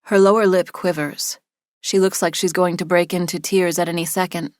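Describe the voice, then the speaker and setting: A woman's voice: on the low side, steady tone, normal speed, dry recording, clean studio sound. Tense woman narrating a thriller. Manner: tense, urgent storytelling. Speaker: audiobook narrator. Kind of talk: first-person thriller narration.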